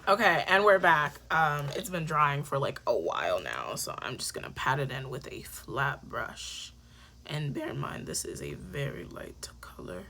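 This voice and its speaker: Chatty young woman, lively low voice. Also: normal speed, gravelly, a little hiss or hum. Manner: chatty, joking, talks to viewers as y'all, drops into soft whispers. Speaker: beauty vlogger. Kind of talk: casual makeup tutorial chat.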